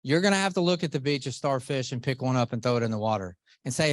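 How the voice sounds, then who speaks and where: A middle-aged man giving an earnest, animated motivational talk to a live group, often asking the audience questions. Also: mid-range voice, fast, no room sound, studio quality. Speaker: motivational speaker.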